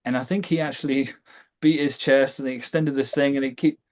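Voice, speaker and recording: Wry podcast guest. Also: male voice, mid-range voice, fairly even intonation, fairly quick. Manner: wry storyteller, dry jokes. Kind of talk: casual chat.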